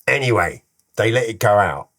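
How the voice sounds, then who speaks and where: A man telling lively, cheeky anecdotes as a guest, in a casual and slangy way. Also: lowish voice, moderate pace. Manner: animated, cheeky, slangy storyteller. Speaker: guest musician.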